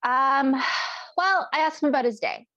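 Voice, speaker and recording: A woman's voice: high voice, expressive, normal speed, pushed and bright, dry recording. Chatty woman, dry muffled sound. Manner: chatty, acts out little dialogues. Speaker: podcast co-host. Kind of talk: casual conversation about parenting.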